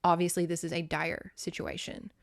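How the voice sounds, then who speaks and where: A woman's voice: on the low side, level tone, moderate pace, vocal fry. A woman hosting a podcast, chatting casually about a book, emotional and teary, swearing often and breaking into tearful laughter. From United States. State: teary, crying. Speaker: podcast host reviewing a book. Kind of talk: casual chat.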